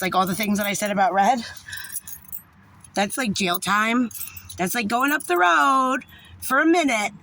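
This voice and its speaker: A woman's voice: mid-range voice, a bit bright, slight background noise. A mother in an angry, profane, rambling direct-to-camera rant. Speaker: parent.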